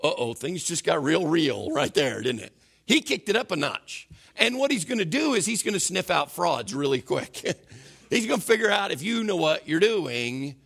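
A male pastor preaching a sermon in an animated, conversational way. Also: a little high, moderate pace, vocal fry, husky.

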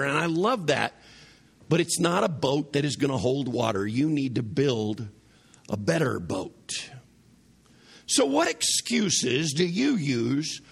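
A man's voice: a little high, creaky, a bit bright, breathy edge. A man preaching a conversational sermon to his congregation in a church, asking them questions as he goes. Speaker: pastor. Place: church sanctuary.

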